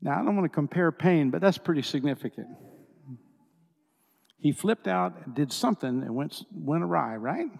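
A man preaching a storytelling sermon, animated, swinging from hushed tones to shouting. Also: fairly high pitch, normal speed, creaky, in a large hall. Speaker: preacher and worship leader.

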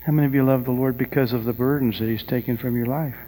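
A man's voice: mid-range voice, steady tone, fast talker, mellow. A male pastor preaching a sermon, telling personal stories with rising emphasis and asking the congregation questions. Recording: long reverb of a large hall.

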